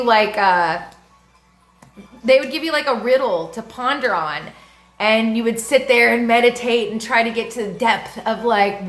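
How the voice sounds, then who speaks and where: A woman astrologer talks through spiritual ideas in a loose, chatty monologue, frank and full of slang. Her voice sits a little high and rings in a roomy, echoey space. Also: a bit bright. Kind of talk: casual spiritual teaching monologue.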